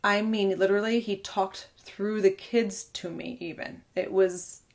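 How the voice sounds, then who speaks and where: A woman's voice: medium pitch, steady tone, unhurried. A woman in her thirties hosting a podcast, telling her own story in a candid, earnest monologue and often quoting what others said. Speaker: podcast host.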